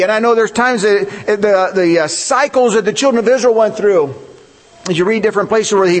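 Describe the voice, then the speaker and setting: A man's voice: high voice, in a large hall. A male pastor preaching a conversational sermon, asking his listeners questions and leaning hard on key points. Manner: conversational, rhetorical questions, animated emphasis.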